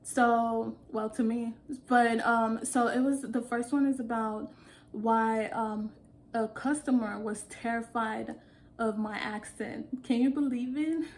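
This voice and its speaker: A woman telling casual storytime anecdotes in an animated way, often laughing and acting out what people said. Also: a little high, slow. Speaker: vlogger.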